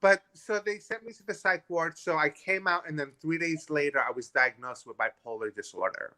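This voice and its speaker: An animated man in his thirties tells a personal story as a guest in a restaurant and acts out the people in it. His voice sits a little high. It has a bright edge. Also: moderate pace. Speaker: guest author. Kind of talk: candid storytelling.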